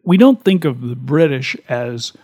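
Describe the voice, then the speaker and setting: A man's voice: mid-range voice, expressive, a little slow, a little mellow. A man co-hosting a talk show, chatting casually and reading out survey figures with an amused tone. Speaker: radio talk show co-host.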